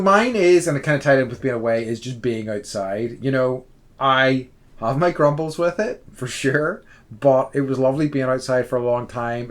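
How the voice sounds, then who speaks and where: A man with a hoarse, strained voice co-hosting a podcast, chatting casually about an old film with many fillers and restarts. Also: medium pitch. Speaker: podcast co-host. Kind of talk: casual film review chat.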